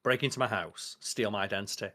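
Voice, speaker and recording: A man's voice: lowish voice, quick pace. A young man co-hosting a casual podcast, joking and telling stories. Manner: joking, animated storyteller. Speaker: podcast co-host.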